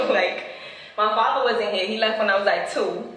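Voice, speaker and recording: A woman's voice: medium pitch, normal speed. A woman from the Bronx with a New York accent, giving a casual walking tour of her neighborhood in laid-back street slang and reflecting on growing up there. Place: outdoors on city streets. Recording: echoey, distant, with loud street noise.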